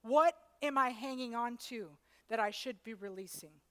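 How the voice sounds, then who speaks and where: A woman preaching a sermon, rising from soft, intimate passages to loud, shouting peaks. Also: on the high side, moderate pace. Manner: preaches in rising waves, building to shouts then dropping soft.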